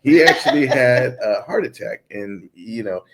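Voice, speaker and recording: A man, a comedian, telling stories in a casual comedy chat, animated and laughing through his lines. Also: mid-range voice, normal speed.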